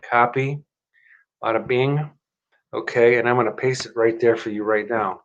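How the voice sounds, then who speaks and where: A man hosting a live stream at his computer. He talks in a rambling, chatty way, corrects himself often, and shifts into a motivational pitch. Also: steady tone, moderate pace, dull audio. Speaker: host of a live stream show. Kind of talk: casual live-stream talk and self-help pitch.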